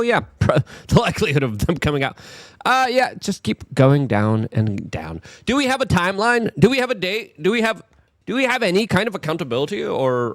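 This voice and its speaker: Angry high-pitched ranting man. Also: fairly bright tone, dry recording, studio quality. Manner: angry, emphatic, exasperated. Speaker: commentary show host. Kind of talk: ranting news commentary.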